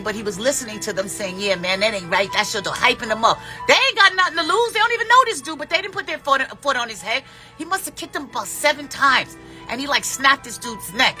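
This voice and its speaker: A woman's voice: a little high, sharp tone. A woman in her fifties giving blunt, profane life advice in an unscripted monologue. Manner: blunt, profane and preachy, with big swings in emphasis.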